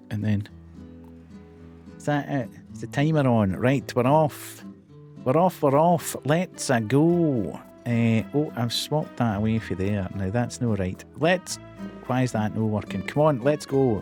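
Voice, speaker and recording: A man's voice: mid-range voice, measured pace, dark tone, soft background music. A man chatting casually as he streams a game, muttering to himself as he plays.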